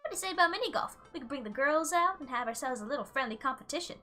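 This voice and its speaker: A woman voicing a loud, hearty sporty dad who talks like a pirate, read aloud from a dating game. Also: high voice, expressive, rapid-fire, soft background music, voice pushed up. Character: upbeat sporty dad, pirate-talking braggart.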